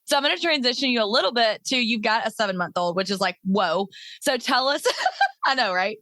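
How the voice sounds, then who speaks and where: A woman's voice: fairly high pitch, expressive, brisk, bright, forceful tone, no echo. A woman hosting a podcast, chatting casually and laughing often with her guest. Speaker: podcast host. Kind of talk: casual interview chat.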